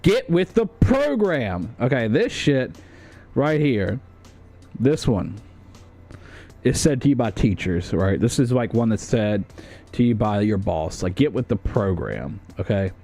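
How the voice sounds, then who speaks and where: Young male streamer, casual commentary, joking, profane, lively swinging pitch. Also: unhurried, pauses often, faint music behind. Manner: animated, profane, jokey.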